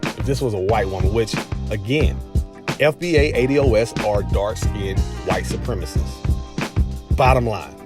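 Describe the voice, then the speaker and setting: A male host delivering a heated opinion monologue with a preachy, emphatic tone and a sing-song lilt. He repeats phrases for effect while a clear music bed runs underneath. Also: on the low side, expressive, measured pace. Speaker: commentary channel host.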